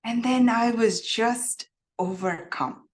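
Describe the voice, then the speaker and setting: A young adult woman telling a personal story in a reflective, halting way, with many fillers. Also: a little high. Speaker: guest speaker.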